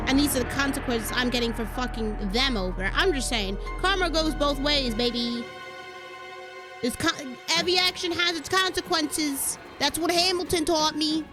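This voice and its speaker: A woman streaming a horror game, reading its text aloud and reacting dramatically with frequent swearing, with game music playing behind. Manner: dramatic, swearing, jumps high when flustered.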